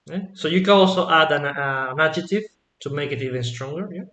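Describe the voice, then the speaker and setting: A man teaching an online Spanish lesson, explaining slowly and patiently and checking in with "yeah?" after his examples. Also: a little high, pushed and bright, reverberant.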